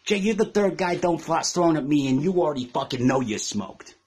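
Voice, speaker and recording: Fast-rapping husky-voiced man. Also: fairly high pitch, expressive, darkish tone. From England. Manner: aggressive taunting insults. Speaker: battle rapper. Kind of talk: battle rap verse.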